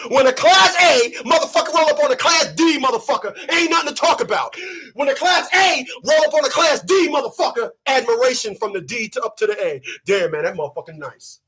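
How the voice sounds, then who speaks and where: A man hosting his channel in a profane, emphatic rant, often shouting. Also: very high voice, expressive, a little fast, slightly rough. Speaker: channel host. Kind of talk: ranting commentary.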